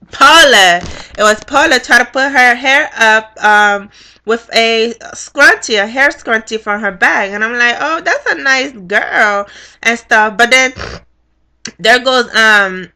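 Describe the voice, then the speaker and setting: A young woman casually recapping a reality show, blunt and profane, with animated storytelling. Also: a little high.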